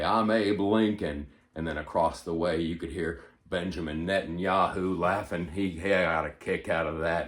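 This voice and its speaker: A male comedian doing an impression of a rambling, forgetful elderly male politician, stumbling over repeated words with sudden loud bursts. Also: low-pitched, reverberant. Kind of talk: stand-up impression monologue.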